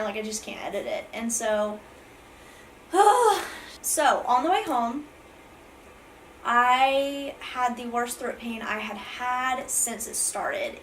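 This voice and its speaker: A woman's voice: fairly high pitch, fairly bright tone, recorded from a distance, a little hiss or hum, poor audio. A young woman, rambling through an emotional storytime vlog with many fillers and restarts, near tears with her voice breaking. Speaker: vlogger.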